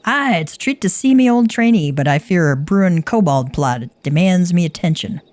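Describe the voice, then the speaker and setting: A woman voicing a gruff, blunt male naval commander in a video game, speaking in an old-fashioned way. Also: fairly low pitch, animated, normal speed, a little mellow, close to an everyday voice.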